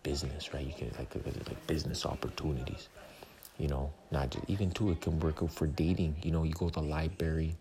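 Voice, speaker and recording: Very deep gravelly whispering man. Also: steady tone, fairly quick, dark tone. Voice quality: rambling, whispering. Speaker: podcast host. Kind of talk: whispered casual chat. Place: movie theater during a film. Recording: crowded room, movie audio behind. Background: crowd chatter.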